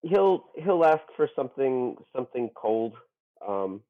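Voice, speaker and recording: A man's voice: mid-range voice, big pitch swings, unhurried. Casual male player on a dull mic. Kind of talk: tabletop role-play.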